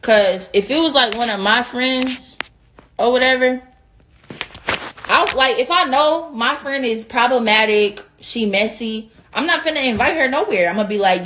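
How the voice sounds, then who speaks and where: A woman's voice: mid-range voice, moderate pace, fairly bright tone, low-quality recording. A young woman telling a storytime on a livestream, heated, profane and rambling, often breaking off to ask whether you follow. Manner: heated, profane, rambling, keeps asking you know what I'm saying. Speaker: social media personality. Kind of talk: casual livestream storytime rant.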